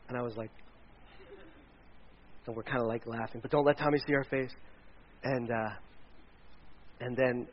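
A man, a pastor, giving a casual, conversational sermon, rambling with restarts and side stories. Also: medium pitch. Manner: chatty, rambling with restarts and asides. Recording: dull lo-fi recording.

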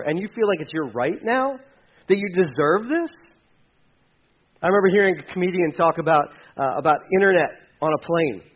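A man preaching a sermon in a conversational, animated way, acting out quoted voices. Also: high voice, slightly rough, dull audio. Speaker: pastor.

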